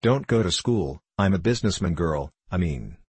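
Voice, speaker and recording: A frank, spirited teenage girl from a storybook, read by a man in his own deep voice. She speaks bluntly and with lively energy. The voice is low and a little husky, recorded dry and close. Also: moderate pace, no echo.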